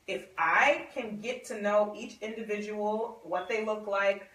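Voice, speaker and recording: A woman's voice: medium pitch, a little slow, fairly bright tone. A woman moderating a casual panel discussion and posing open questions to the group. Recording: echoey room, mic far off.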